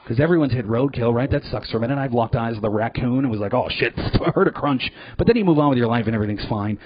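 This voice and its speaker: A man performing a live stand-up set in a comedy club, animated and profane, jumping now and then into loud put-on voices. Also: mid-range voice, quick pace, no room sound. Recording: dull lo-fi live recording.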